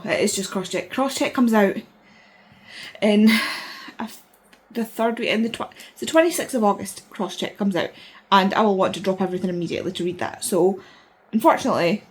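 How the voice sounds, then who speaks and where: A woman in her thirties with a medium-pitched voice chats casually as a book vlogger. She rambles excitedly, though she sounds tired.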